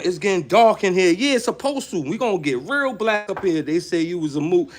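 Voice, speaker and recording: A man's voice: mid-range voice, lively intonation, moderate pace, hardly any pauses, slight background noise. A man talking in streetwise slang while vlogging from his workplace on a handheld phone, jumping between topics. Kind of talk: casual vlog commentary. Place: his workplace, walking around.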